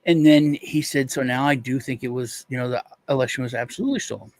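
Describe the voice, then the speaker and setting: A man's voice: medium pitch, quick pace, a little mellow, no echo. A male co-host rambling through a casual chat, retelling stories with restarts and quoted voices.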